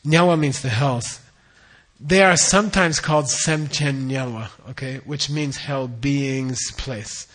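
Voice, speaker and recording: A middle-aged Buddhist teacher gives a relaxed, explanatory dharma talk at an average male pitch. He explains terms slowly, repeats key words, and keeps asking "okay?" to check that listeners follow.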